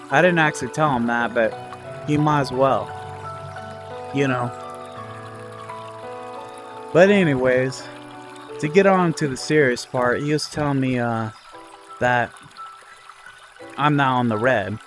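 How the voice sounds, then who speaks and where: A man's voice: medium pitch, a little slow, long pauses. Rambling man venting over music. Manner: rambling, frequent fillers and profanity. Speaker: vlogger recounting a work dispute. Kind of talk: casual storytelling to camera.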